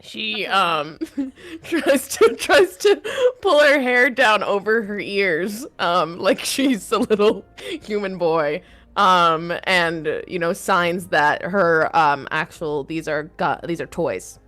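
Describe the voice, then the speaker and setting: Giggly, animated woman player. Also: lowish voice, slow pace, faint music behind. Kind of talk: playing a tabletop game.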